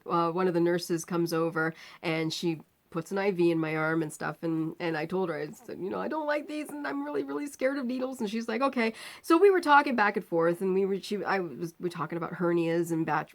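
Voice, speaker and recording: With a voice on the low side, a woman vlogger tells a personal story casually and with energy, imitating the quoted speakers and laughing here and there.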